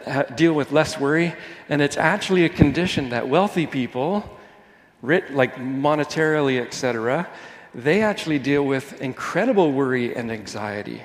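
Pastor, male, slightly high voice, chatty sermon delivery with quips, long church reverb. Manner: conversational, with jokey asides and restarts. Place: church hall during a Sunday morning service.

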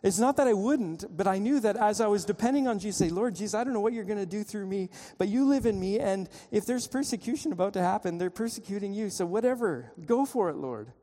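A man's voice: high voice, animated, fast, hardly any pauses. Storytelling male pastor in a reverberant church. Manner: storytelling, urgent pleading, dramatic shifts in loudness. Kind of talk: sermon. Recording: long reverb of a church hall.

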